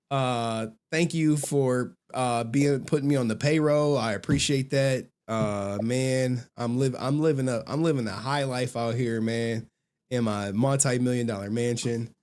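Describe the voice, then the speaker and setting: A man's voice: medium pitch, unhurried, clear, resonant tone. A young adult man hosting a livestream in casual chat. He laughs often, swears freely, and tells stories with animation. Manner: laughing, profane, animated storytelling. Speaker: livestream host.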